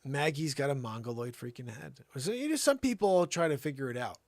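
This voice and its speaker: A man hosting a comedy show, telling a rambling tall tale that swings from shouts to mutters. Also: medium pitch, a little fast, no room sound. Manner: animated storytelling, swinging between shouts and mutters. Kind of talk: rambling comic monologue.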